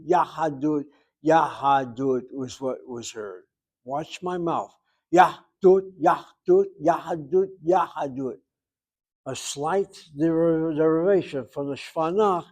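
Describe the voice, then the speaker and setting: A man teaching a Hebrew grammar lesson, explaining patiently and repeating words slowly to show how they sound. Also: a little high, darkish tone, low-quality recording. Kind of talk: classroom grammar lecture.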